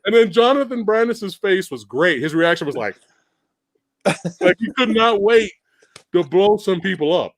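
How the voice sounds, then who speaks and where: A high-voiced man chats about a film on a live stream, his pitch leaping all over as he acts out scenes and yells the lines. The sound is close and dry, with no room around it. He swears freely and laughs through his retellings. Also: normal speed, pauses often, no room sound. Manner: animated, swearing, acts out scenes with shouted quotes. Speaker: podcast host. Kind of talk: casual movie review chat.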